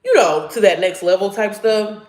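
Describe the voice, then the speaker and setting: A woman in her thirties chatting casually on a live stream about faith and digital marketing. She talks candidly, swears, laughs and swoops up high when excited. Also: moderate pace, reverberant. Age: 30s.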